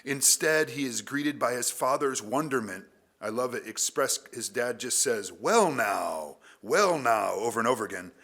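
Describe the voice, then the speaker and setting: A literature professor reads his paper to a conference audience. His voice is mid-pitched and steady. He keeps an even, academic delivery and slips in small informal asides along the way. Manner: measured academic reading, with asides.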